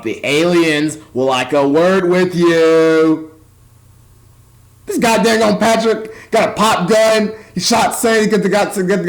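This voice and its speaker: High-voiced man ranting on webcam. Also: poor audio. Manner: ranting, rambling, exasperated. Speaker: vlogger. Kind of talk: casual webcam rant.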